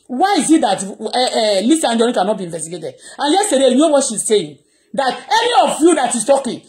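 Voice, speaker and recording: A Nigerian blogger whose first language is Yoruba rants passionately on a live stream, raising her voice. Her voice is high-pitched and a little mellow.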